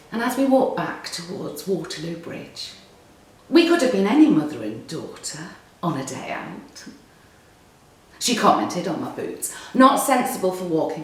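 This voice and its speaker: A woman reads a story aloud with wry, chatty humour. Her pitch swings up and down, and she takes her time. The room has a heavy echo, and the mic sits far from her. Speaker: narrator. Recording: roomy echo, distant mic.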